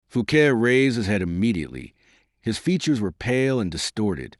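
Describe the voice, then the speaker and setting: A man's voice: lowish voice, big pitch swings, moderate pace, no echo, studio quality. A man narrating a classic novel as an audiobook, reading dramatically and lifting his voice for quoted speech. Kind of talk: scripted narration.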